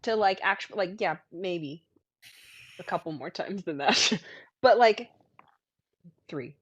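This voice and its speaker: A woman's voice: on the low side, slow pace, slightly rough, no echo, lo-fi sound. A woman in her thirties telling rambling stories in casual chat, acting out what people said. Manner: rambling storyteller, acts out quotes in lively voices.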